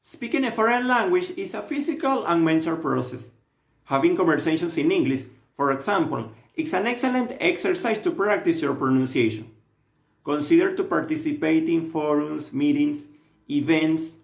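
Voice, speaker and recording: A man giving scripted narration as a language teacher, with an instructive, steady delivery. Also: a little high, normal speed, creaky. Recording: roomy echo.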